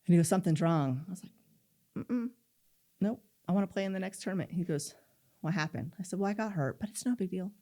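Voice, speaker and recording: The guest is a middle-aged woman whose voice sits fairly low and moves fast. She recounts something personal in an interview, animatedly voicing the quoted dialogue.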